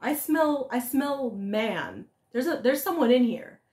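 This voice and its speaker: A woman voicing a hot-tempered male devil who demands answers gruffly, in a storybook telling. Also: high voice, lively intonation, unhurried, a little mellow. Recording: echoey room.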